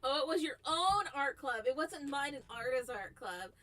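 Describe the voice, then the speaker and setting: A woman's voice: high voice, animated, moderate pace, a bit bright, soft background music. A woman VTuber streamer chatting casually with her viewers in a giggly, rambling way, often breaking off mid-sentence. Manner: giggly, rambling, self-interrupting. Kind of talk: casual live-stream chat.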